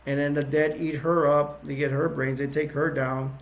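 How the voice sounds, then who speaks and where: A man reviewing a movie by retelling its plot in a rambling, halting way, with many restarts. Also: on the high side, level tone.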